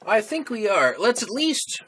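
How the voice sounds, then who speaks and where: A young man co-hosting a casual podcast chat, rambling eagerly through his stories. His pitch swings widely as he talks. A faint hiss and the odd click sit under the voice. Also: big pitch swings, unhurried. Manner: enthusiastic, rambling storyteller. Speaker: podcast co-host.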